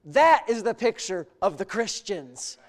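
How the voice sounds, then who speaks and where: A man preaching a sermon as pastor, moving between quiet storytelling asides and loud, fervent exclamations. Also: sits high, very animated, measured pace. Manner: storytelling with humor.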